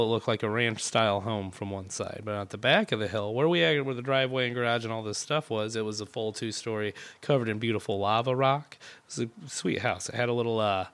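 A man telling a crude, animated story on a casual podcast. His voice sits in an ordinary middle pitch, and he swears freely. He slips into acted-out voices for the people in the story. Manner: animated, profane storyteller who acts out quotes. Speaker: podcast co-host.

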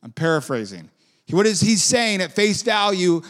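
A man's voice: high voice, big pitch swings, normal speed, a bit bright. A man preaching a sermon in a conversational way, with lilting, sing-song emphasis and casual asides.

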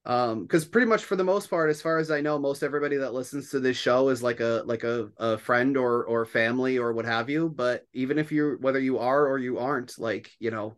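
A man's voice: mid-range voice, fairly quick, hardly any pauses. A man hosting a podcast in casual chat, rambling and laughing often. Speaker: podcast host.

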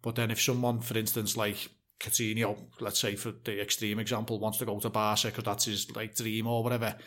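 A man's voice: on the low side, level tone, fairly quick, a bit bright. Chatty man in an easygoing talk. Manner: chatty, agreeable, asks rhetorical tags. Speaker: interviewer. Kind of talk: casual conversation.

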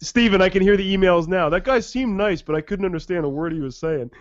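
A man's voice: high-pitched, fast, dry recording, highs cut off. A man co-hosting a podcast interview, bantering and joking with the guest. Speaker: podcast co-host. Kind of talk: casual interview chat.

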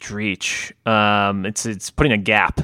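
A man's voice: on the low side, little pitch movement, slow, pushed and bright, smooth, no room sound, clean studio sound. A laid-back man co-hosting a casual sports talk show, chatting loosely with many fillers. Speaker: podcast co-host. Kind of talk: casual chat.

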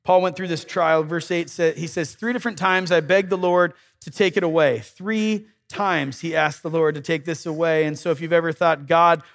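A man's voice: on the high side, fairly even intonation, normal speed, gravelly, few pauses, fairly bright tone. A man preaching a sermon in a conversational way, with dry irony and acted-out prayers. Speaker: pastor.

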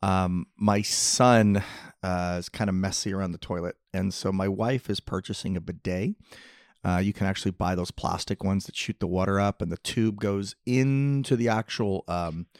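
A man in his fifties, a schoolteacher co-hosting a casual comedy podcast, telling stories with lively acted-out quotes. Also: low voice, moderate pace, dry recording, studio quality. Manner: animated storyteller, acts out quoted voices. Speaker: podcast co-host.

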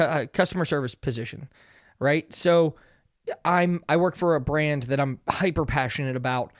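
A young man hosts a solo motivational podcast, speaking earnestly and conversationally and often checking in with "right?" His voice is fairly high, and the recording is clean studio sound with no room sound.

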